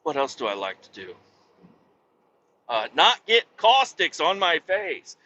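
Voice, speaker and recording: A man's voice: a little high, wildly swooping pitch, measured pace, sharp tone, a little hiss or hum. A man hosting a podcast alone in a loose, rambling, profane monologue, often cutting himself off mid-sentence. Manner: rambling, profane, self-interrupting. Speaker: podcast host. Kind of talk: casual solo podcast monologue. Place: home podcast setup in Missouri. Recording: dull lo-fi recording.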